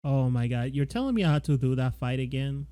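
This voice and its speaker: A man's voice: medium pitch, animated, a little fast, mellow, smooth, no echo, studio quality, soft background music. A man chatting casually and laughing as he comments on a game he plays. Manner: laughing, offhand. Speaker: game player. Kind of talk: let's play commentary.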